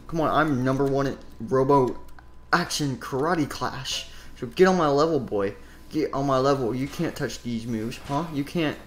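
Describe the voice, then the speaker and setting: A man's voice: on the high side, slight background noise, close to an everyday voice. A man doing a blustering karate master. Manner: blustering, taunting, repeats himself. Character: boastful, hot-headed karate master man. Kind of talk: improvised game role-play.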